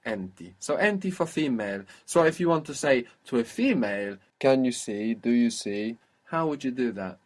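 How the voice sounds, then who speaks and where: In this guided spoken language lesson, a man teaching one-on-one prompts his student and offers praise after each response. Though patient and steady, he talks fairly quickly, with a voice of ordinary middle pitch.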